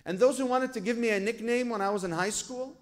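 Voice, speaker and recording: A man's voice: very high-pitched, fast. A man giving a sermon as a sheikh. He tells stories from his own life, asks rhetorical questions and quotes scripture. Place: lecture hall at a religious gathering.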